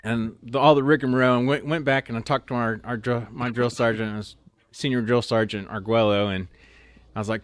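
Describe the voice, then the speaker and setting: A man's voice: medium pitch, fairly even intonation, a little fast, no echo. Rambling man telling casual stories. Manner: rambling, heavy use of "like" and "you know". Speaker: storyteller guest. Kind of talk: casual anecdotal storytelling.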